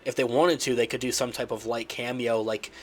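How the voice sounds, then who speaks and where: Fast-talking nasal man hosting a channel. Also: medium pitch, a little hiss or hum. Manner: rapid, energetic channel-host patter. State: sick with a stuffy nose. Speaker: channel host. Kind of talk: upbeat online commentary.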